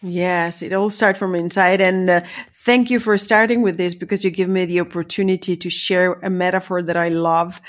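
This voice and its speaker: A woman from Italy with an Italian accent, a leadership coach answering interview questions warmly and laughing easily. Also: lowish voice, steady tone, moderate pace. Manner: warm, laughs easily, polite. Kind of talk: interview conversation.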